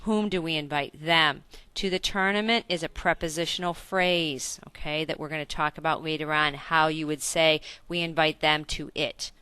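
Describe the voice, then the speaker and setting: A woman's voice: sits low, steady tone, moderate pace, few pauses, sharp tone, smooth, no echo. A woman teaching a recorded Spanish grammar lesson in English, explaining step by step, checking in with questions and correcting her own slips.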